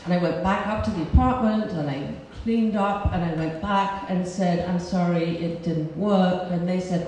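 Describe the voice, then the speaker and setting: A woman telling a comic, animated personal story live on stage before an audience. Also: fairly low pitch, normal speed, hardly any pauses, slight background noise. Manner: animated, comic, laughing at her own story. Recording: roomy hall from a distance.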